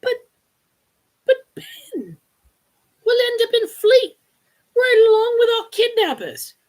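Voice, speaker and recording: Woman doing a shrill, nervous young sidekick. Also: big pitch swings, slow pace, heavily acted. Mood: anxious. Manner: worried, pleading.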